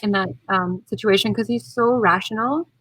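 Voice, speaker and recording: A young woman, a bride-to-be, chatting casually on a video call and acting out her own quotes with lively swings. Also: mid-range voice, moderate pace, breathy edge, poor audio. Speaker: guest, bride-to-be. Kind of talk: casual chat.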